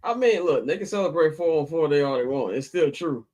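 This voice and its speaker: Laid-back podcast host man, higher voice. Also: expressive, brisk, darkish tone, low-quality recording. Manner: laid-back, laughs often. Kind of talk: casual chat.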